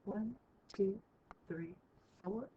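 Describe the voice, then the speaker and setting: Her voice sits in the mid range, and she draws out her words as she walks the class through math. Talkative, she checks in again and again with a "right?". The audio is muffled and lo-fi under a light hiss.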